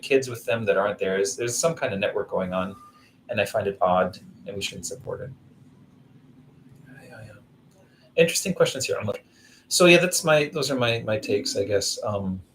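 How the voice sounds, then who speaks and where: A man's voice: lowish voice, animated, normal speed, long pauses, slight background noise, poor audio. Casual rambling man on a live stream. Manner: rambling, storytelling, answers viewer comments. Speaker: vlogger doing a live stream. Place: Zamboanga City.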